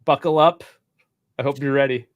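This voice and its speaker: Male co-host, easygoing chat, mid pitch, dry sound, laughs a lot. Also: moderate pace, no echo. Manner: relaxed, laughs often. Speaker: podcast co-host. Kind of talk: casual live stream chat.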